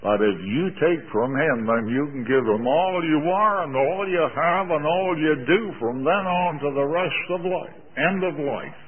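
Older male radio preacher, husky, slow and deliberate, emphatic sermon delivery. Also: fairly high pitch. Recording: old phone-like radio broadcast with long reverb.

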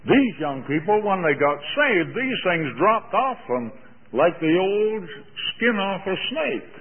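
Older male radio preacher, husky, slow and deliberate, emphatic sermon delivery. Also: sits high, sing-song. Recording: old phone-like radio broadcast with long reverb.

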